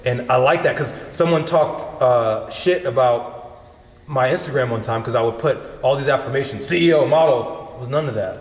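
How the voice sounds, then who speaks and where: A man hosting a podcast, telling stories in a casual, animated way, acting out quotes and swearing freely. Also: mid-range voice, moderate pace. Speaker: podcast host. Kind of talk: casual chat. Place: home gym. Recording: echoey room with long reverb.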